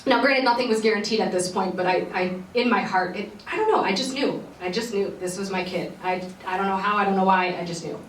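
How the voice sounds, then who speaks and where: A woman's voice: medium pitch, fairly quick, hardly any pauses, far from the mic. A young adult woman hosting a podcast, earnestly telling a long personal story, rambling with many fillers and restarts. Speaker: podcast host. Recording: roomy echo, voice a bit off-mic, faint background noise.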